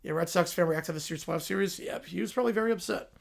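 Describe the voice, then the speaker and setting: A man hosting a casual live Q&A stream, answering chat questions with relaxed asides. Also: high-pitched, fast talker, vocal fry.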